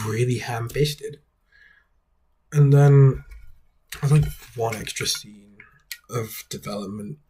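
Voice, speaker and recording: A man hosts a video essay in a casual, critical way. His voice is breathy and strongly husky at a mid pitch. He talks in a wry, rambling manner. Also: a little mellow.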